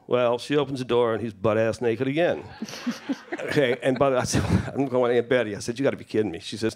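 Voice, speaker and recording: A man's voice: medium pitch, a little fast. A man telling family stories to an audience, acting out the people he quotes. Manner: animated anecdote-telling, acts out quoted voices. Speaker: festival speaker sharing family stories. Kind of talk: storytelling talk to an audience.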